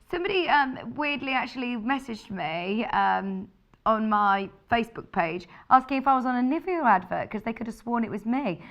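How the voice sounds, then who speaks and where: A woman with a low, husky voice, chatting in a bubbly way as she presents a live TV shopping show. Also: a bit bright. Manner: bubbly, chatty, laughs often. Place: TV studio.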